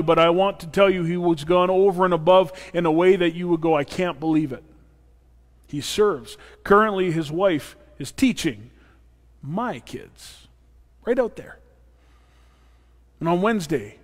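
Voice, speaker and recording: A man's voice: high-pitched, measured pace. A man preaching a sermon as pastor, earnest and personal with playful asides. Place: church sanctuary. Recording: long reverb of a church hall.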